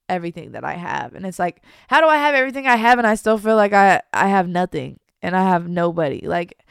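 A young woman talking casually and confessionally as a vlogger, halting and trailing off, soft and downcast, at times almost whispering. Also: mid-range voice, vocal fry, clear, resonant tone, no room sound, studio quality. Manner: halting, trails off, many restarts and fillers.

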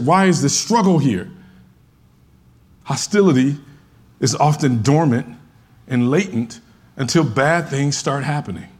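A man preaching a sermon as a pastor, talking conversationally and acting out the voices of churchgoers, rising at times to emphatic shouts. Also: on the high side, breathy edge.

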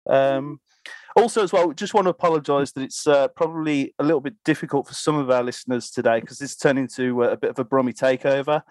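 A man's voice: mid-range voice, fast, a little mellow, dry recording. A man with a Birmingham accent hosting a casual podcast chat, talking loosely with lots of fillers and frequent laughs, recorded over a remote call. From Birmingham, England. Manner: chatty, laughs often, filler-heavy. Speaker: podcast host.

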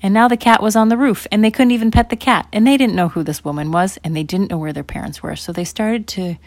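A woman telling a children's bedtime story, animated and swinging between loud emphasis and whispers. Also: mid-range voice, quick pace, dry recording.

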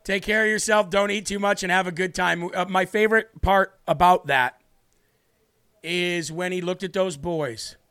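A man's voice: high voice, fairly even intonation, moderate pace, bright, forceful tone, smooth. A man hosting a live stream, giving earnest, repetitive political commentary while tearing up. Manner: earnest, repetitive, tearful emphasis. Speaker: livestream host.

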